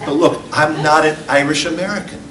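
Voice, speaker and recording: A man giving a patriotic sermon-style speech, telling stories with dramatic swings from loud to hushed. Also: a little high, steady tone, fairly quick, heavy background noise. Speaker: preacher. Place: event hall. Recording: echoey hall, mic from far off.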